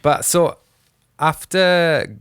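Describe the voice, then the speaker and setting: A man's voice: a little high, drawn-out words, a bit bright, clean tone, dry recording, clean studio sound. A man co-hosting a podcast in a casual chat, easygoing and asking prompting questions. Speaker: podcast co-host.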